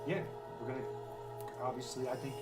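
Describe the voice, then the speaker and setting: A man's voice: medium pitch, fairly even intonation, a little fast. A man chatting casually as a player at a tabletop game, proposing what the group does next. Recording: music behind.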